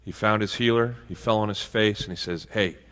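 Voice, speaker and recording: Bright-voiced pastor in a reverberant church. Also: male voice, lowish voice, steady tone, fairly quick, clean tone. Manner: conversational preaching with asides and restarts. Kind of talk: sermon. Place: church sanctuary.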